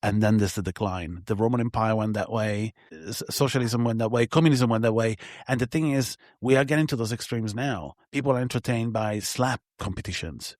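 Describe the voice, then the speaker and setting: A man co-hosting a film podcast in casual conversation, animated, laughing through his stories and swearing often. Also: fairly low pitch, a little fast, hardly any pauses, no echo, studio quality.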